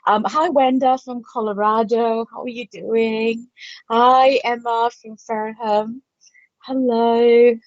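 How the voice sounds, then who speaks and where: A woman's voice: a little high, fairly even intonation, slow, no room sound, dull audio. A woman in her fifties from Malaysia, a psychic artist chatting casually on a livestream and greeting viewers by name with frequent laughs. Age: 50s.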